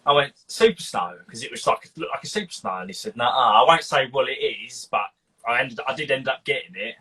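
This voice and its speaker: A man hosting a casual live stream, chatty and animated, acting out quotes as he tells stories. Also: mid-range voice, brisk, husky, poor audio. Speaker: host.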